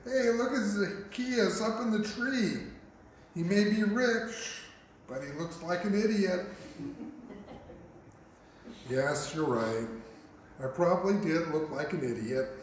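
A male pastor preaching a first-person dramatic monologue sermon, telling the story in character with an expressive, unhurried manner. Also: on the high side. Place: church sanctuary. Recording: very echoey church hall, faint hiss.

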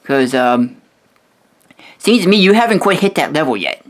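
A man's voice: on the high side, lively intonation, normal speed. A man delivering a profane, insulting rant as a video host, swearing constantly and stumbling over repeated restarts. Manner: aggressive, swearing, repetitive stammering restarts. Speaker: video host roasting another creator.

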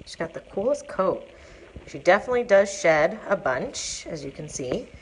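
An animal shelter manager gives a live tour, describing each cat plainly before cooing at it in a high sing-song voice. She moves at a moderate pace with a sing-song quality, over slight background noise.

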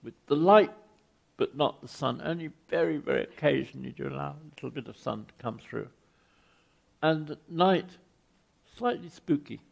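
An older Englishman lectures on architecture in a wry, meandering way, tripping over his own words as he goes. His voice is gravelly and sits a little high for a man. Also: normal speed. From England. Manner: rambling, wry, with frequent restarts. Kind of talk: anecdotal public lecture.

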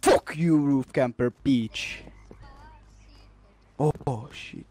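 A man's voice: on the high side, huge pitch swings, slow pace, pauses often, a little hiss or hum. A man trash-talking in online game voice chat, brash and joking, playing along with a redneck bit.

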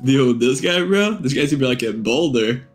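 A man's voice: medium pitch, expressive, normal speed, soft background music. A man in online game voice chat, rambling and hurling insults, ending lines with "bro". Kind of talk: trash-talking voice chat.

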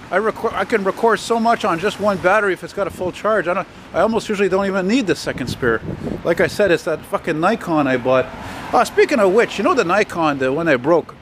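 A man with a gruff voice, walking and talking in a blunt, profane, rambling way as he films a casual vlog. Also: fairly high pitch. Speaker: vlogger. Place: city street outdoors. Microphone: handheld camera. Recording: outdoor traffic noise. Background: street traffic.

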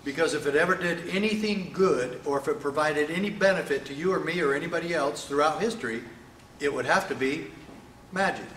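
Emphatic male speaker, highish and forceful, rhetorical and fiery, hall echo. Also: fairly quick, far from the mic, a little hiss or hum. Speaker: speaker at a sheriffs' event. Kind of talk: political speech. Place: event hall with audience. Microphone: microphone, sometimes stepping away. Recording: echoey hall.

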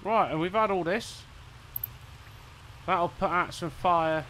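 A man's voice: high voice, slow, pushed and bright, a little hiss or hum. A man streaming a video game, rambling, swearing and mocking himself as he plays. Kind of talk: let's play commentary.

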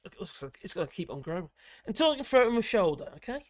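A man's voice: high-pitched, big pitch swings, rapid-fire, no echo, clean studio sound. A middle-aged man with a giggly, self-mocking manner, chatting casually as host of a live stream. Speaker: livestream host.

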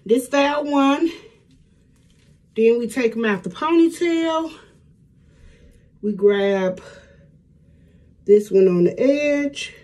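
A middle-aged woman talking casually to her viewers at home, chatty and warm with plenty of y'all. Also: high voice, expressive, takes it slowly, long pauses. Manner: chatty, addresses viewers as y'all, Southern US speech. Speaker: hair vlogger. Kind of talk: casual vlog chat.

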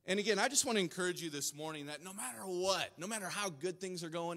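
A man on the church staff talking to the congregation, earnest and a little emotional, halting and restarting, recorded in a church sanctuary. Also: sits high, fairly bright tone. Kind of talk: casual address to congregation. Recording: long reverb of a church hall.

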